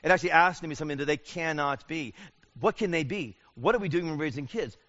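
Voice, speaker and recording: A middle-aged man preaching a sermon in an animated way, acting out the voices he quotes. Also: fairly high pitch, fast talker. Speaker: pastor. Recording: dull lo-fi sound.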